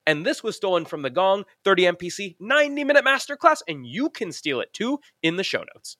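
Man, high bright voice, punchy numbered tip, dry close sound. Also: very animated, brisk, no room sound. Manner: punchy, counts points off. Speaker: sponsored tip presenter. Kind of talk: scripted sales tip read.

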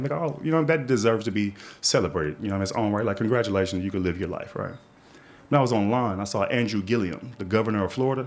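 A man in his thirties doing a stand-up comedy set, telling stories in a loose, conversational way with big animated swings. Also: lowish voice, quick pace. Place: comedy club stage with live audience. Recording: live set with loud crowd laughter.

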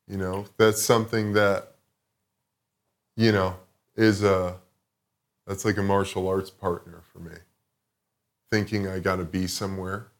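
A man talking as a podcast guest, telling a rambling, profane, reflective story in a casual chat. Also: on the low side.

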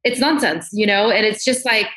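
A woman's voice: mid-range voice, normal speed, a bit bright. A woman makeup artist, a guest in a casual interview, talking candidly and animatedly and swearing freely. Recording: roomy echo.

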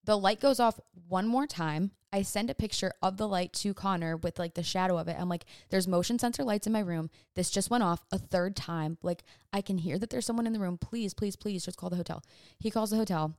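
Young woman, storytime vlog, animated and breathless, filler-heavy, mid-pitched, dry close sound. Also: brisk, few pauses, dry recording. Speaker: vlogger. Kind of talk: casual storytime.

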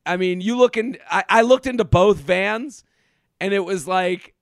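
High-voiced gravelly man telling stories. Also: a little slow, no echo, clean studio sound. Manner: animated storyteller, acts out quotes. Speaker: podcast co-host, comedian. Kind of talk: casual chat.

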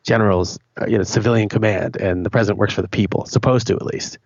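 Gravelly, husky man ranting bluntly. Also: lowish voice, steady tone, fast talker, no echo, lo-fi sound. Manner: blunt, swearing, rambling with restarts. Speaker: podcast co-host. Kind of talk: casual opinionated chat.

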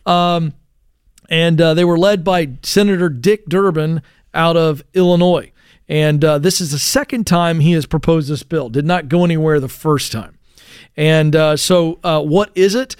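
Clear-voiced man hosting talk radio. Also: fairly high pitch, steady tone, unhurried, dry recording, clean studio sound. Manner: conversational, explains news with asides and fillers. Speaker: radio talk show host. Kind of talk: casual talk radio chat.

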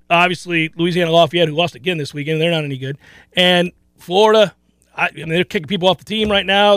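Animated high-voiced male sports radio host. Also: no room sound. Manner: animated, laughs often, repeats phrases. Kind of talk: casual sports talk radio.

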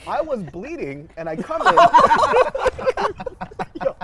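A man as a podcast guest, telling a story in casual, animated talk, swearing and laughing through it. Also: extremely high pitch, drawn-out words, very noisy.

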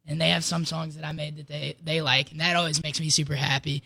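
A man's voice: a little high, level tone, fast, vocal fry, sharp tone. A teenage boy, chatting easily as a musician guest on a radio show and filling his talk with "like". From Mississippi. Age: teens. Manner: chatty, easygoing, lots of "like". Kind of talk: casual radio interview.

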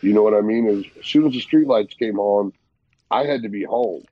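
A man's voice: fairly low pitch, fairly quick, no room sound, dull audio. A man in casual podcast chat, reminiscing agreeably about childhood. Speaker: podcast co-host.

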